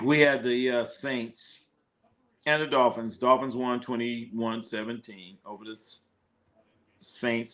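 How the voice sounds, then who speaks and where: A man's voice: medium pitch, fairly even intonation, measured pace, pushed and bright. A man recapping football scores on a live stream, rambling and profane, repeating himself as he riffs. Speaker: sports streamer. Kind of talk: casual sports recap.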